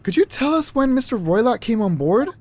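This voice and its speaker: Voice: mid-range voice, sing-song, a little fast, a little mellow, voice pushed up. A let's-play gamer voicing an earnest young man accused of a crime who presses others insistently for answers. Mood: questioning. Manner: insistent, raised. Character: young male defendant, earnest and pushy.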